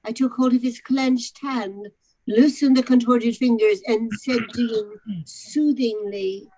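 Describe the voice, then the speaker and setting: A woman narrating a novel aloud, expressive, with occasional stumbles over the words. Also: on the high side, unhurried, a little hiss or hum, poor audio. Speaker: narrator in a charity readathon.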